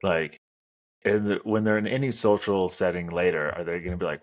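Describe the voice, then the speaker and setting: Low-voiced blunt podcast host. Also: male voice, steady tone, a little fast. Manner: blunt, opinionated, swears casually. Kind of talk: casual chat.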